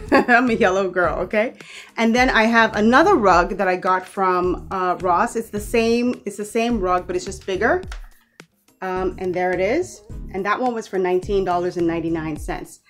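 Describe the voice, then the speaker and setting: A woman's voice: medium pitch, moderate pace, faint music behind. A woman from the Bahamas giving a casual, chatty tour of her bedroom, often stopping to correct herself and teasing playfully. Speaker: vlogger. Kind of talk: casual room tour vlog.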